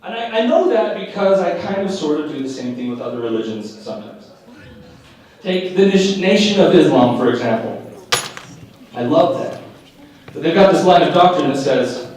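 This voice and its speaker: Male stand-up, lively swings in pitch, roomy distant live sound. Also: moderate pace. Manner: animated, dips into mock voices for characters. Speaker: stand-up comedian. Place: live venue with audience. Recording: echoey room, picked up from a distance.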